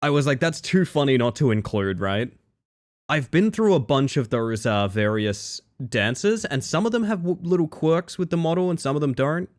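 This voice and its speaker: A man's voice: a little high, lively intonation, normal speed. A man from Western Australia chatting casually on a livestream at his desk mic, rambling and laughing often. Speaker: streamer.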